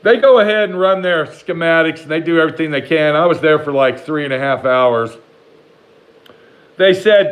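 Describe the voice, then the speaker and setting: A man telling a rambling personal story to the camera in a casual, animated way, swearing freely and talking back to imagined critics. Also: a little high, low-quality recording. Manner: profane, rambling, talks back to imagined haters; animated, jumps between slow emphasis and rushed asides.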